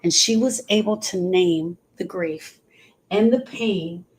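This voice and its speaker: Husky-voiced woman coaching on grief. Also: lowish voice, slow. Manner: earnest, repeats phrases for emphasis. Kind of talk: live-stream talk.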